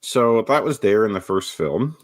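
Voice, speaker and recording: Lively low-voiced man co-hosting a podcast. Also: normal speed, no echo, clean studio sound. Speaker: podcast co-host. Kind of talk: casual podcast discussion.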